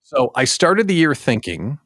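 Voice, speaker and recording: A man's voice: medium pitch, very animated, measured pace, fairly bright tone, no echo. A man hosting a small business show, telling stories in a casual, self-mocking way and acting out his own past thoughts. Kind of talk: casual livestream monologue.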